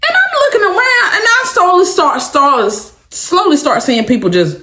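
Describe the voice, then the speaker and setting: Young woman w/ aave doing a storytime vlog, high voice, super animated, echoey room. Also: moderate pace. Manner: animated, laughing, dramatic retelling. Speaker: storytime vlogger. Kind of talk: casual storytime.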